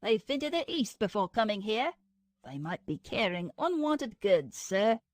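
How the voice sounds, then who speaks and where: A woman's voice: mid-range voice, big pitch swings, a little slow, no room sound, studio quality. A woman reading the lines of a young male junior officer who speaks in a deferential, eager way.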